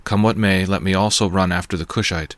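A man's voice: sits low, steady tone, fairly bright tone, dry recording. A man reading as an eager young messenger. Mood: earnest. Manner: earnest, measured reading.

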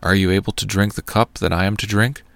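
Jesus, a calm teacher, as a man reads him. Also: lowish voice, fast, creaky, no echo. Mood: solemn teaching.

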